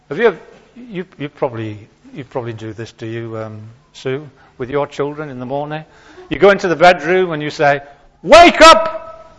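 A man's voice: fairly high pitch, dull audio. A man telling a Bible story during a Sunday church service, questioning the listeners as he goes. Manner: animated storyteller who acts out voices and questions the listeners. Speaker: preacher. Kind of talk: children's talk in a church service.

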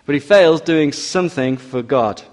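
A man's voice: a little high, unhurried, darkish tone, long reverb tail. A man preaching an expository sermon, walking through a passage verse by verse with teasing asides and emphatic urging.

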